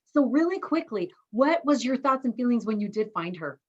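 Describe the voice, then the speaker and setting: A woman's voice: on the high side, sing-song, moderate pace, darkish tone. A woman hosting an interview, speaking in an enthusiastic, reflective way. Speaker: podcast host, interviewer. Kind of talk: interview conversation. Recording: dull lo-fi audio.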